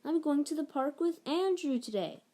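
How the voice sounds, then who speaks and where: A woman's voice: high-pitched, expressive, normal speed, voice pushed up. A woman voicing an eager, imaginative little boy in a storybook read-aloud. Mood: disappointed. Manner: bright, eager exclamations.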